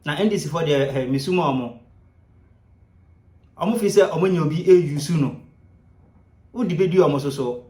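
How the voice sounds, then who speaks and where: A man giving lively, scornful commentary. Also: fairly high pitch, normal speed, long pauses, echoey room.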